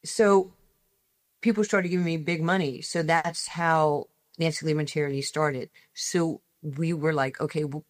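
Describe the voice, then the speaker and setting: A woman in her sixties, a guest telling personal stories in an emphatic way, speeding up in quick bursts. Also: deep voice, steady tone, dry recording, studio quality. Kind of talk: animated personal storytelling.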